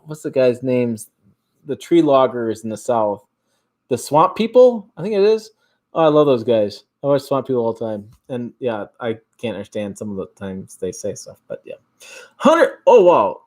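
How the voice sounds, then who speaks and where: With a medium-pitched, darkish voice and an Upper Midwest accent, a Michigan man hosts a relaxed livestream and works through viewer comments. His delivery is rambling, full of restarts and repeated words, and punctuated by frequent chuckles.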